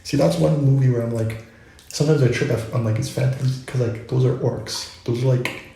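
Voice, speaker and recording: A man's voice: medium pitch, fairly quick, gravelly, mellow, a little hiss or hum. A man vlogging, musing in a loose, rambling way full of asides. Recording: very echoey room.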